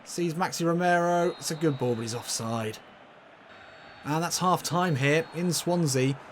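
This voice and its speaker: A man commentating casually on his own football video game match, getting loudly excited and laughing at near misses. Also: a little high, a little slow, a little hiss or hum. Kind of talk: casual let's-play commentary.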